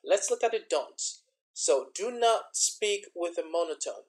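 A teacher walks students through an IELTS speaking lesson set to slides. The delivery is steady and deliberate, with example words and phrases listed one at a time so each one lands. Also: mid-range voice, low-quality recording. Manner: slow, deliberate, repeating example words in lists. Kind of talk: recorded exam-prep lesson over slides.

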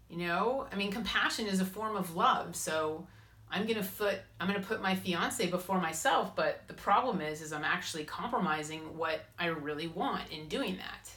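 Bright-voiced woman talking in a roomy space. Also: mid-range voice, normal speed. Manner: animated, acts out inner voices and quotes. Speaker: spiritual advice host. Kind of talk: monologue advice talk. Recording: roomy echo.

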